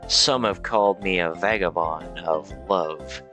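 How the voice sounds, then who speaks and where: A man's voice: low voice, a little slow, sharp tone, soft background music. A man voicing a cocky, boastful wandering flirt in a game.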